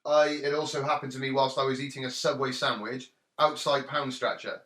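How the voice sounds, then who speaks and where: A man's voice: mid-range voice, level tone, fairly quick, sharp tone. A man hosting a podcast, telling self-deprecating stories in casual chat. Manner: storytelling, jokey, self-deprecating. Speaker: podcast host. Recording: roomy echo.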